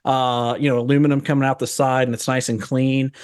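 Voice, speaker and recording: A man's voice: medium pitch, level tone, a little mellow, clear, resonant tone. A man chatting as a podcast guest, telling rambling, profane stories and jumping his voice up when he quotes himself. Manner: rambling storyteller, profane, quick voice jumps when quoting himself. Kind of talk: casual chat.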